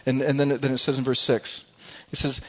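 Male preacher, mid-pitched, chatty and repetitive, dull lo-fi sound. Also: flat delivery, brisk, fairly bright tone. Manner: conversational, repeats words, acts out quotes. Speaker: pastor. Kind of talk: sermon.

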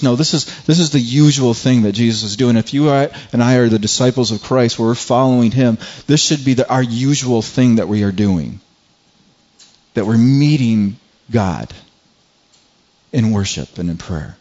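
A man's voice: normal speed, darkish tone, dull audio. Repetitive, earnest man preaching a sermon. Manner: repeats words, builds to a higher pitch when emphatic. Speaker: pastor.

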